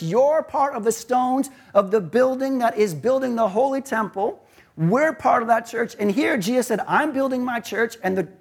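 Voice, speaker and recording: A man's voice: extremely high pitch, creaky, slightly rough. A male pastor preaching a conversational sermon and asking rhetorical questions.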